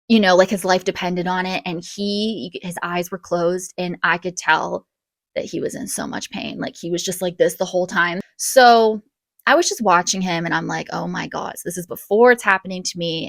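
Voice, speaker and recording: A young woman telling a casual storytime vlog, chatty and animated, with quick bursts and gasps. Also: lowish voice, no room sound. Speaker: vlogger.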